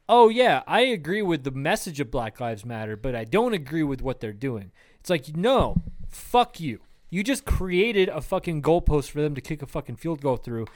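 A man's voice: fairly high pitch, darkish tone, no room sound, clean studio sound. Heated, profane podcast co-host, man. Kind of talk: casual chat.

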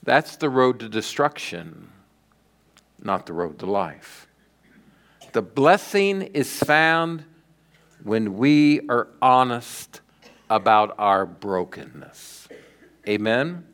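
A middle-aged man preaching a sermon as pastor, telling stories dramatically and swinging from loud declarations to hushed lines. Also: mid-range voice, big pitch swings, slow pace, long pauses.

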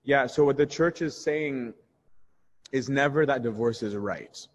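A priest teaching a Bible study in a candid, conversational way, answering questions and telling personal stories. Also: male voice, medium pitch. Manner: candid and conversational, shifts into animated retelling.

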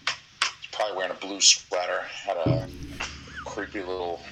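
A man's voice: deep voice, little pitch movement, moderate pace, very noisy. A man with a Boston accent telling a crude, rambling story as a podcast guest, profane and often laughing.

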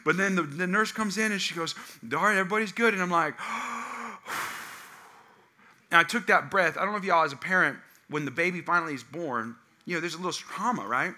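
Young male pastor, high and very bright voice, storytelling sermon with loud bursts and hushed asides. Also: fast. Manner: storytelling, swinging from loud acted quotes to hushed tones.

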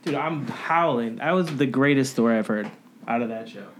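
A man chatting as a guest on a podcast, teasing and excitable. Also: medium pitch, moderate pace, crowd noise. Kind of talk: casual chat.

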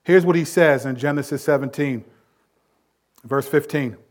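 Emphatic preacher, man with higher voice. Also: moderate pace. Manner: preaching with emphatic swells and drops in volume. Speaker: pastor. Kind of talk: sermon.

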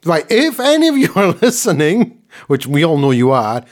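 A man's voice: fairly high pitch, moderate pace. A man co-hosting a sports podcast, ranting in casual chat and laughing at himself. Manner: animated ranting, mock voices, laughs. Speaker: podcast co-host.

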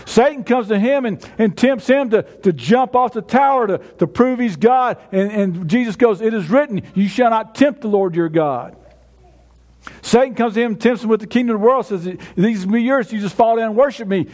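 A man's voice: sits high, moderate pace, a little mellow. A man preaching a sermon in a conversational way, often restarting his words. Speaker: pastor.

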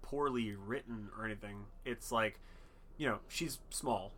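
Brief: male podcast co-host, bright forceful voice, loose profane storytelling. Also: fairly low pitch, a little slow, a little hiss or hum. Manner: rambling, profane, acts out characters in jokey voices. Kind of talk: casual chat reviewing a movie.

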